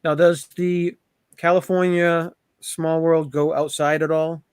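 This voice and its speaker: A man's voice: fairly high pitch, flat delivery, measured pace, a little mellow, smooth, no echo, studio quality. A man guesting on a casual chat, talking loosely and thinking aloud.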